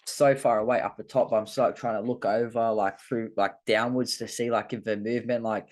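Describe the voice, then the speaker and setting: A man's voice: mid-range voice, fairly even intonation, a little fast, a little mellow. A man, a fighter talking in a casual chat, rambling with many fillers. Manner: rambling, heavy use of "like" fillers. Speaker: MMA fighter guest.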